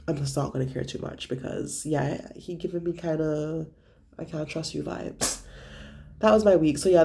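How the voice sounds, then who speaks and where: This young man's voice is a little high, gravelly and mellow, with slight background noise behind it. Vlogging casually about his week, he dishes gossip with plenty of profanity and acts out quotes from his friends.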